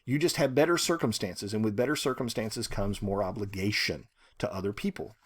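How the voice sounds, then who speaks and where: A man teaching a short story, talking in an animated, rhetorical way and often checking in with "right?". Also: lowish voice, a little fast, husky. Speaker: literature teacher.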